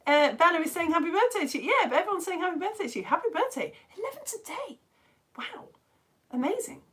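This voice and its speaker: Hosting a live online science class for home-educated kids, a British woman reads viewers' chat messages aloud, bubbly and chatty, laughing frequently. She talks fast in a very high, very animated voice that's a bit bright.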